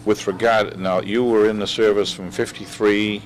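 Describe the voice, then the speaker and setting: A man's voice: on the low side, little pitch movement, normal speed, slight background noise, poor audio. A man interviewing a veteran, mostly giving brief prompts and follow-up questions. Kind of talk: oral history interview.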